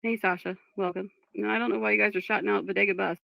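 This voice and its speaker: Woman livestreamer, gravelly voice, distracted by chat, dull dry mic. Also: mid-range voice, steady tone, fast talker, no echo. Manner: frustrated, distracted by chat, apologetic. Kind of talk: casual live stream talk.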